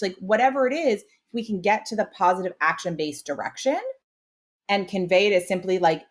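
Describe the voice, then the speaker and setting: A woman's voice: lowish voice, a little fast. A woman hosting a podcast as a parenting expert, explaining her advice in an earnest, emphatic way. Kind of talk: conversational advice.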